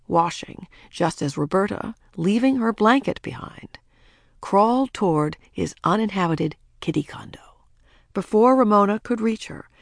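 A woman narrating a children's storybook in a lively, expressive way. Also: medium pitch, vocal fry, dry recording, clean studio sound. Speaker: audiobook narrator.

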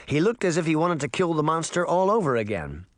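A man narrating a storybook aloud with an expressive reading. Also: fairly high pitch, a little fast, no room sound, clean studio sound. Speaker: audiobook narrator.

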